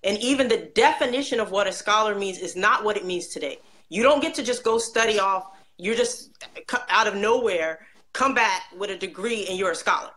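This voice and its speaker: A woman's voice: medium pitch, a little fast, a bit bright, a little hiss or hum. A woman speaking passionately and emphatically in a religious discussion, with pointed rhetorical questions.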